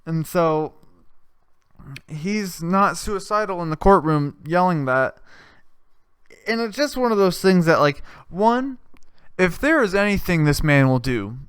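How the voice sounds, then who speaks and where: A man's voice: high voice, lively intonation, unhurried, long pauses, fairly bright tone, clear, resonant tone, no echo. A man hosting a comedy podcast, talking in a rambling, crude and sarcastic monologue full of swearing. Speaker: podcast host.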